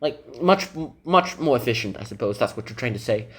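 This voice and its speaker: A young man whose first language is Korean explains English vocabulary in a relaxed way, thinking aloud with hedges and asides. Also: mid-range voice, fairly quick, hardly any pauses. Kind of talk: casual explanation reading example passages aloud.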